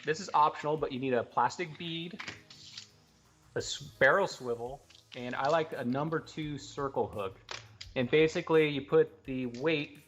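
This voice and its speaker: Fast-talking excited male fishing co-host. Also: on the high side, soft background music. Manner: fast, excited, laughs often. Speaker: co-host giving fishing tips. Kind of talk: casual talk-show chat with gear demo.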